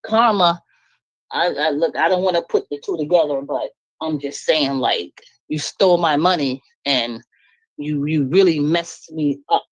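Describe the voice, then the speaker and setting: A woman's voice: sits low, measured pace, dry recording, rough recording. Blunt, emphatic woman venting. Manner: blunt, emphatic, laughing between points. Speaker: guest speaker. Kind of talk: candid personal venting.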